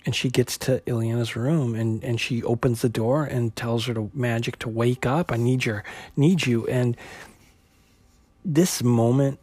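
A man's voice: mid-range voice, a little mellow, husky, no echo. Man recapping a comic on a podcast. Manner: conversational, with many fillers and restarts. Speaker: podcast host.

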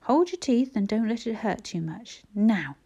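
A brave, practical young girl from a storybook, earnest and gently reassuring as she soothes someone hurt, played by a woman reading aloud. The voice is mellow and soft-edged, with nothing hard in it. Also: fairly high pitch, lively intonation, a little slow, husky, highs cut off, exaggerated voice. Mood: gentle, reassuring.

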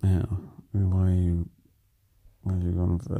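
A man's voice: low voice, monotone, measured pace, mellow. A man hosting a casual podcast chat, easygoing and thinking aloud as he talks. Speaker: podcast host.

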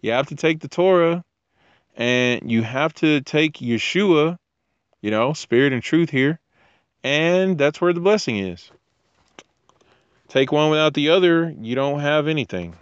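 A man's voice: a little high, expressive, measured pace, pauses often, smooth, no echo, highs cut off. A man giving casual scripture teaching with jokey asides, rambling tangents and frequent restarts. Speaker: teacher of Torah.

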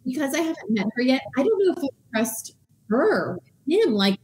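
A woman's voice: high-pitched, big pitch swings, fairly quick, darkish tone, low-quality recording. A woman co-hosting a casual comedy chat show, talking frankly with a wry edge. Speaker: podcast co-host.

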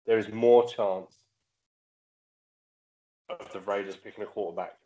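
Low-voiced tipsy man, teasing. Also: steady tone, measured pace, mellow, dull audio. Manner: joking, teasing. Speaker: podcast co-host. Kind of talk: casual sports chat.

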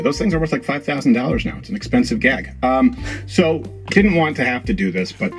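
Impassioned man in a video monologue. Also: medium pitch. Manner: impassioned, emphatic.

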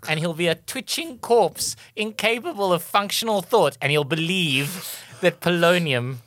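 A man's voice: sits high, a little slow, fairly bright tone, dry recording, clean studio sound. A South African man co-hosting a comedy podcast, ranting in mock exasperation and swearing freely. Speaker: podcast co-host. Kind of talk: casual comedy banter.

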